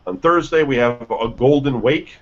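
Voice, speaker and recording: A man's voice: mid-range voice, normal speed. A man hosting a casual gaming news radio show, reading lists and headlines with offhand asides and stumbles. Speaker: news host. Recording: dull lo-fi sound.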